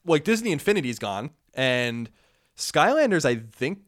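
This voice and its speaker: A man co-hosting a casual gaming podcast, reading listener letters aloud and chatting in a quick, lively way. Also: on the high side, no room sound, clean studio sound.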